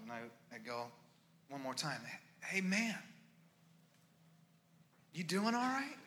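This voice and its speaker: A male pastor preaching a sermon in a brilliantly bright voice that sits a little high for a man. He moves from loud, urgent pleading to quiet, hushed storytelling.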